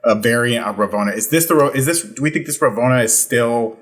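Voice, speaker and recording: A man co-hosting a casual panel chat, jokey and chatty with animated asides. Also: mid-range voice, fast. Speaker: co-host.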